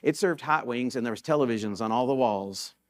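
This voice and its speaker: A man's voice: medium pitch, brisk. A man pastor giving a sermon in a church sanctuary, telling stories in a conversational way and rising into sudden emphatic peaks.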